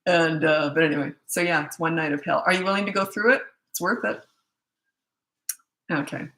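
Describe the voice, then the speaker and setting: A middle-aged woman from Canada giving parenting advice in a casual live Q&A, talking in a brisk, direct way and reading viewer questions aloud. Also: sits low, a bit bright. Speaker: parenting coach. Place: room at her computer. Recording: echoey room.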